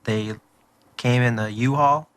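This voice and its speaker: A man in an interview, telling old stories in an animated way and acting out what people said. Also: mid-range voice, slow pace, clear, resonant tone. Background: music.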